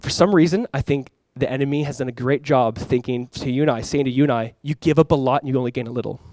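Fast-talking, conversational male pastor. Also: mid-range voice, darkish tone, no echo. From California. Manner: conversational, emphatic preaching with asides and invitations. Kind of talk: sermon.

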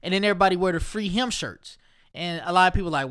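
Guy from ohio going off, cussing a lot, kinda high voice, keeps repeating himself. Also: expressive, fast, bright, forceful tone, clean tone. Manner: profane, emphatic, repeats himself. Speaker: solo commentator. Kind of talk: casual rant monologue.

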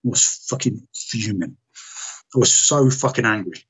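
A British man, a military veteran, telling a personal story in conversation, halting and restarting often and swearing frankly. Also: lowish voice, expressive, fairly bright tone, breathy edge.

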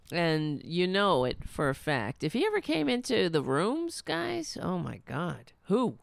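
A woman's voice: fairly low pitch, wildly swooping pitch, measured pace, vocal fry, hardly any pauses, no room sound. A middle-aged woman hosting a show, giving indignant, sarcastic political commentary. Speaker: host.

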